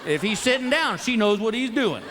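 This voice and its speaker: A man's voice: high voice, very animated, a little fast, a little hiss or hum. A man performing a stand-up set on stage, telling exasperated, folksy stories and acting out his wife and himself. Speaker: stand-up comedian. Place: large theater with a laughing audience. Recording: live show with loud crowd laughter.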